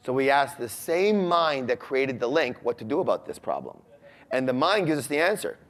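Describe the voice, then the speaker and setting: This seminar speaker, with a slightly high voice at a moderate pace, gives a lively motivational talk to a live audience in a large room. He keeps asking them questions.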